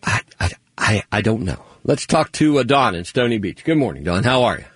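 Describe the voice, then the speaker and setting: A man's voice: on the low side, animated, a little fast, fairly bright tone, husky, no room sound. A man hosting a call-in radio show, friendly and easygoing, thinking aloud with some restarts. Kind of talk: casual call-in radio chat.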